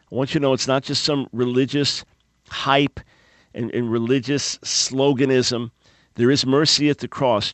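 A man's voice: mid-range voice, no echo. Earnest radio host guy, preachy, stumbles a bit, dead dry studio sound. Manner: earnest, pleading, with small stumbles and repeated words. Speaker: radio talk show host. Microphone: studio microphone.

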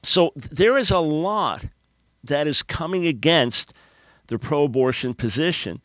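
A radio talk show host preaches and pleads with his audience in earnest, occasionally stumbling and repeating words. His voice is on the high side, expressive, slow and a bit bright, recorded on a studio microphone in a radio studio with no echo.

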